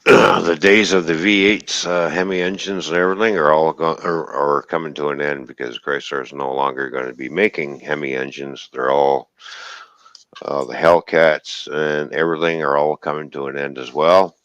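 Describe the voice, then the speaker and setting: A man's voice: a bass voice, steady tone, normal speed, a bit bright, no room sound, muffled recording. A man chatting casually on a live stream, joking and rambling through car engine details. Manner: rambling, jokey, explains car engine specs. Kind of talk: casual chat.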